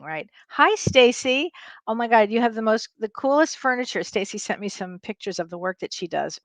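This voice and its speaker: An older woman hosts a live online show as a spiritual medium, talking from her home on a farm. She chats in a casual, upbeat way, greeting viewers by name between small laughs. Her voice sits at an ordinary pitch and sounds dry and close, with no echo around it.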